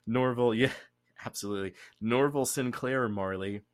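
A young man hosting a casual podcast chat, rambling and joking with quick asides. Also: mid-range voice, crowd noise. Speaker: podcast host.

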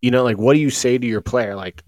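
A man's voice: mid-range voice, fast talker, darkish tone, no room sound. Rambling casual man, dry sound. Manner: rambling, many restarts and fillers. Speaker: podcast guest. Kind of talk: casual sports chat.

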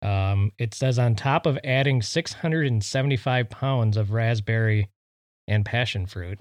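A man's voice: mid-range voice, unhurried, darkish tone, no echo. A man co-hosting a casual chat show, easygoing and offering facts with many fillers. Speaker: podcast co-host.

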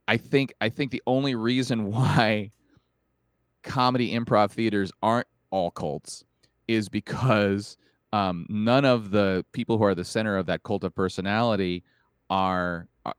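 A man with a fairly low voice co-hosting a casual podcast, recorded close and dry with no room sound. He talks things through thoughtfully, restarting phrases as he works out firm opinions. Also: fairly even intonation, unhurried, clean tone, no room sound. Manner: thoughtful, opinionated, self-correcting. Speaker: podcast co-host. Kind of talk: casual chat.

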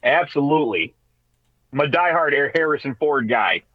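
A man with a somewhat high voice, co-hosting a radio show and telling a casual story with lively, laughing energy. His voice sounds dry and a little dull, as if it came off a radio broadcast. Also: normal speed, no room sound. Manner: animated, laughs through his stories.

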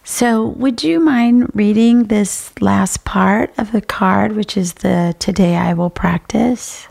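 A woman hosting a podcast, speaking in a warm, unhurried, appreciative way. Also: mid-range voice, vocal fry. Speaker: podcast host. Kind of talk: podcast interview.

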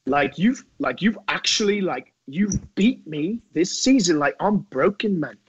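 A man's voice: high voice, expressive, unhurried, slightly rough, dry recording, highs cut off, heavily acted. A man impersonating a battered young male rival who pleads earnestly and slides into a pirate-like voice. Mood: pleading. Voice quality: drifts into a pirate-like voice.

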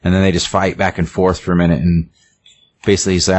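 A man with a very low voice retells a film scene by scene in a loose, casual way. He rambles, restarting phrases and leaning on fillers as he goes. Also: little pitch movement, fast talker. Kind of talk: casual chat.

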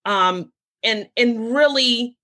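A woman guest on a podcast, in casual, animated conversation, talking in quick bursts and restarting her sentences often. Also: on the high side. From United States. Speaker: podcast guest, founder of a mental health community.

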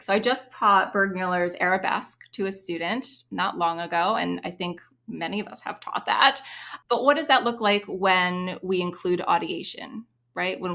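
A woman piano teacher explaining her methods in an interview, animated and singing short rhythm syllables to demonstrate. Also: lowish voice, creaky. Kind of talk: interview explanation with sung examples.

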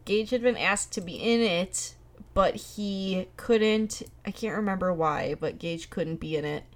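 A woman's voice: medium pitch, unhurried. Playful young woman co-hosting a podcast. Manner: playful, teasing, slangy. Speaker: podcast co-host. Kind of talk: casual chat.

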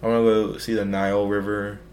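A man's voice: lowish voice, level tone, brisk, a little mellow. A young man from the United States chats loosely on his podcast. His delivery rambles and jokes, filled with "like" and restarts. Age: young adult. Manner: rambling, joking, heavy use of "like". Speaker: podcast host. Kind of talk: casual chat.

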